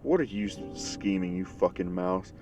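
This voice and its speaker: A gruff teacher stands up to his boss, talking bluntly and swearing freely, as a man voices him. The voice stays low, with music running underneath. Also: moderate pace, darkish tone, distant mic, lo-fi sound, close to an everyday voice. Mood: blunt defiant. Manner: blunt, profane. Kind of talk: fan story narration.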